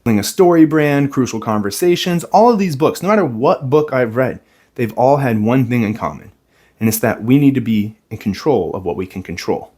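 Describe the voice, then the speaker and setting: Earnest young dad talking to camera. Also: male voice, medium pitch, expressive, fairly quick, darkish tone. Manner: earnest, reflective, plain-spoken. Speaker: vlogger, stay-at-home dad. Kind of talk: personal talk to camera.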